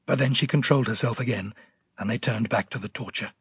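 A man narrating a dramatized audiobook in a measured, gently dramatic way. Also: mid-range voice, breathy edge, no room sound.

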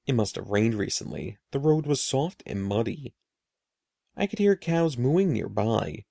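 A man reading a children's story aloud in an expressive, animated way. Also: medium pitch, unhurried, vocal fry, no room sound, clean studio sound. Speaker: narrator.

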